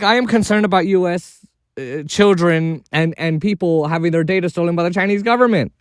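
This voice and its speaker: A man talking through a casual podcast monologue in a fairly high voice. He rambles, stacks up fillers and chuckles at his own points. The sound is dry and close, with no room in it. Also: no echo. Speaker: podcast host. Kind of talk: casual solo commentary.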